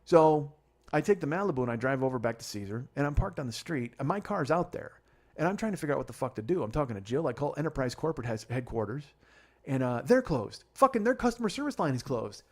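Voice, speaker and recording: A man's voice: medium pitch, very animated, darkish tone. A man hosting a comedy podcast, telling a story in a profane, exasperated rant. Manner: profane, exasperated, fast rambling rants. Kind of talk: ranting comic storytelling monologue.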